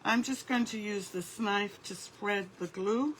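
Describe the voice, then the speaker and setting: A woman's voice: mid-range voice, a little slow, a bit bright, low-quality recording. A woman hosting a casual craft livestream, chatting and greeting viewers by name as she works. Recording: faint background noise.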